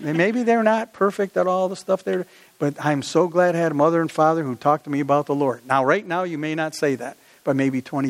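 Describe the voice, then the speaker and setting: Animated man preaching a sermon. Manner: animated, rising to emphatic peaks and dropping low. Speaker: pastor.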